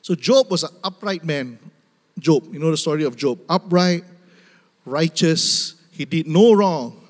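Male preacher, high voice, emphatic and repetitive, addresses his church directly, long hall reverb. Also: expressive, a little slow. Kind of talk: sermon.

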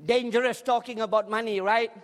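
A man preaching a lively, humorous sermon in a large church hall, joking with the congregation and urging them to respond. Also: very high-pitched, fairly quick. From Scotland. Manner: energetic, jokey, urges the crowd to respond. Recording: long hall reverb in a church.

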